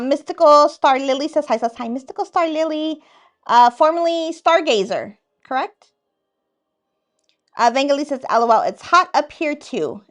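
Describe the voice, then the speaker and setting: A woman's voice: sits high, fairly bright tone. A woman hosting a casual livestream chat, reading viewer comments aloud in a playful, teasing way and laughing often. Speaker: livestream host.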